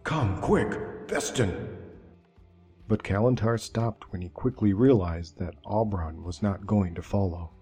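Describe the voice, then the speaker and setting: A man narrating a dark fantasy story in a slow, measured way. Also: lowish voice, breathy edge.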